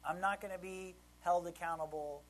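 On a rough recording with a little hiss or hum, a man with a high, fairly bright voice preaches at a moderate pace and with fairly even intonation. His Bible teaching is casual and conversational, and he frequently checks in with his audience.

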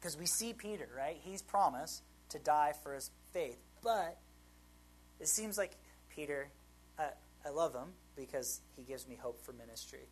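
The audio is poor, but you can hear a man with a slightly high, husky, expressive voice speaking at a measured pace. He preaches in a relaxed, conversational style of Bible teaching, regularly checking in with those listening.

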